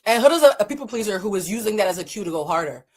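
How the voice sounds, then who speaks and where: A woman life coach giving blunt, animated commentary in a casual chat. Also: mid-range voice, very fast, breathy edge.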